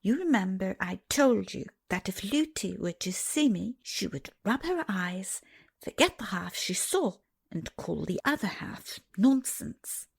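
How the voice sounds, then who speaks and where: A woman voicing a wise, gentle old grandmother who speaks softly and calmly, close to a whisper. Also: mid-range voice, measured pace, vocal fry, breathy edge, exaggerated voice. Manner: soft and hushed, close to a whisper.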